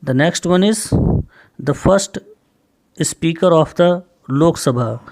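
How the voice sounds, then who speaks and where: A man teaching a general knowledge class in Indian English, repeating each question and answer slowly. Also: a little high, a little mellow. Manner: slow, repetitive quiz-answer explaining. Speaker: school teacher.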